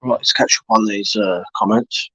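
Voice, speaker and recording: A man's voice: lowish voice, steady tone, normal speed, sharp tone, slightly rough, no room sound, poor audio. A British man in his forties hosting a live stream, chatting casually and rambling with many hesitations and restarts. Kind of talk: casual chat with viewers. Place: home room.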